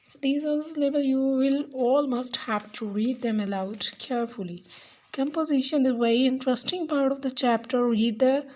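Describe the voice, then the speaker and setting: A female English teacher delivers a recorded lesson, speaking slowly and deliberately and repeating every word for her students. Her voice is high with a somewhat dark tone.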